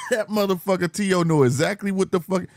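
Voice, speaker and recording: A man co-hosting a boxing talk stream, retelling a press event in lively, profane casual chat. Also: high-pitched, normal speed, no room sound, studio quality. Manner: animated, profane storytelling with laughs. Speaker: boxing podcast co-host. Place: home studio, live stream.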